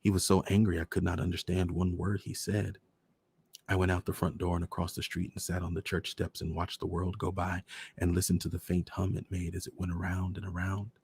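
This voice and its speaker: Deep, gravelly male story reader. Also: monotone, a little fast, darkish tone. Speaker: storyteller host. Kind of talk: reading a short story aloud.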